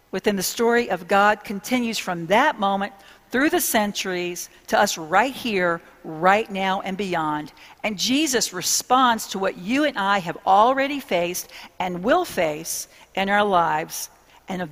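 Slow, earnest woman preaching in a hall. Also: mid-range voice. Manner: slow, earnest, intimate address with hushed dramatic pauses. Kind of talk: sermon.

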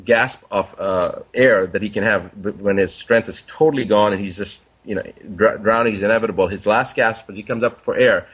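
A man's voice: fairly low pitch, a little fast, few pauses, fairly bright tone, slightly rough. A man, a doctor, telling a parable in an earnest conversational way. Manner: earnest, tells a parable with quoted dialogue. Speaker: doctor guest. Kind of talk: conversational storytelling.

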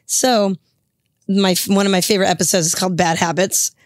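A woman's voice: mid-range voice, fairly quick, no room sound. Chatty middle-aged woman, podcast co-host, laughs a lot, dry close sound. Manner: chatty, laughs often, animated storytelling. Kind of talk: casual chat.

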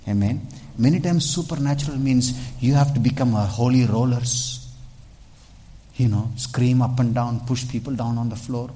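Animated pastor preaching. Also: male voice, mid-range voice, moderate pace. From India. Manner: animated, calls out "Hello?" to the congregation, dramatic shifts in loudness. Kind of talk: sermon. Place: church.

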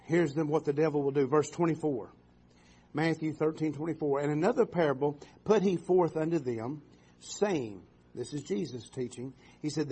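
A male preacher delivers a sermon, stopping and restarting his phrases and calling out for amens. His voice sits a little high and sounds husky and warm. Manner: halting, repeats words, calls for amens.

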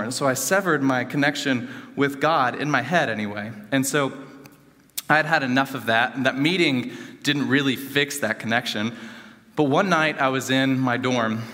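A young man giving an earnest personal testimony to a gathering, rambling with many fillers and swinging between animated and hushed. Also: medium pitch. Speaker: student speaker giving a testimony. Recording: reverberant hall.

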